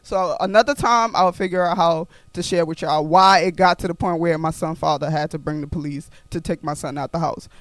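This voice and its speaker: A young adult woman hosting a podcast, telling a personal story with animated emphasis and repeated phrases. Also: lowish voice, fairly quick, hardly any pauses, no echo. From New York. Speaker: podcast host.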